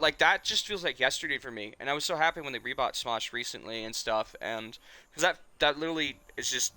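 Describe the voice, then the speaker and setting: A man's voice: mid-range voice, bright, forceful tone, clean tone. A man in his twenties, a streamer, chatting casually and emotionally in a rambling way and swearing often. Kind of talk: casual nostalgic chat.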